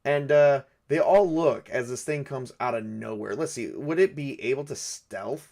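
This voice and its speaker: A man's voice: medium pitch, normal speed, vocal fry, darkish tone. A man narrating a solo tabletop game as game master, thinking aloud as he rolls dice. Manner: rambling, thinks aloud while rolling dice.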